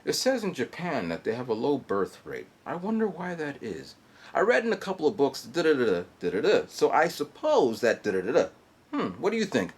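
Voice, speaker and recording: Animated, rambling man in his forties. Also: a little high, slightly rough. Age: 40s. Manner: halting, digressive storytelling with fillers and mouth sound effects. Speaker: vlogger. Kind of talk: rambling monologue. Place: guest house in Japan.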